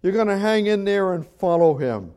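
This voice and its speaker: An older man preaching a sermon with great feeling, swinging from loud, high passages to soft, quiet prayer. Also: very animated, normal speed.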